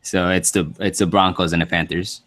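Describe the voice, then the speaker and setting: A man's voice: low voice, little pitch movement, brisk, a bit bright. A man co-hosting a podcast, chatting casually in an easygoing way and laughing along. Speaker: podcast co-host. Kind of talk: casual chat.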